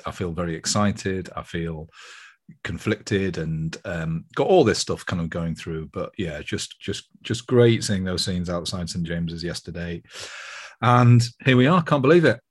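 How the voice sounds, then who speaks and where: Deep-voiced male podcast host, reflective and rambling, casual chat. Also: a little slow. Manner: rambling, reflective, many restarts.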